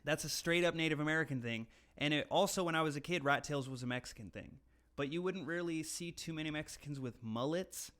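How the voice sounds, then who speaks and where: A man's voice: fairly high pitch, brisk, fairly bright tone. Profane rambling podcast co-host man. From California. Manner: rambling, swears freely, mimics accents for laughs. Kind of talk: casual profane chat.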